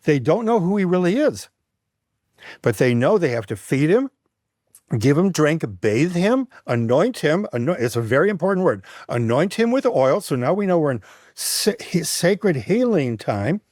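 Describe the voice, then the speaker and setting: A man guesting on a talk show, retelling an ancient myth with lively expression and frequent restarts. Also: fairly high pitch, moderate pace, dry recording, studio quality. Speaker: guest, mythologist and writer. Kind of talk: animated storytelling in conversation.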